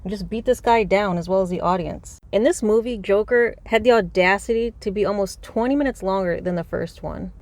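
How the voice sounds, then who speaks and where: A woman's voice: medium pitch, a little mellow. Woman, car vlog, unscripted rant: exasperated, profane, rambling. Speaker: movie reviewer. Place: inside a parked car.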